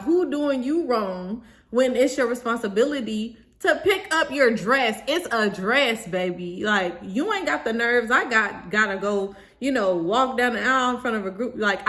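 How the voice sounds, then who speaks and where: A young woman telling a storytime vlog in an animated, slangy way, talking straight to her viewers. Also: a little high.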